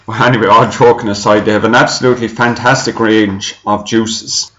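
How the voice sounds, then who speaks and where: Low-voiced man chatting in an echoey room. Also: fairly bright tone. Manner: chatty, rambling, self-correcting. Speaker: e-juice reviewer. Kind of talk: casual product review. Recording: echoey room, dull lo-fi sound.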